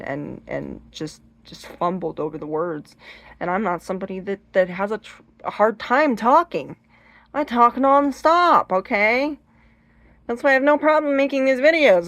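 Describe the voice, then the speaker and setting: A woman's voice: on the low side, creaky, no echo. A woman hosting her own channel, giving casual advice in a chatty, rambling way, full of restarts and acted-out shrieks. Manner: emphatic, acts out shrieks and gestures. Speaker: channel host giving advice on haunted objects.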